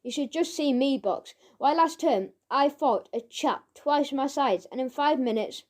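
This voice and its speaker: A woman reading a children's audiobook, voicing an older schoolboy who teases his friend in a brisk manner. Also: high-pitched, lively intonation, a little mellow. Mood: teasing.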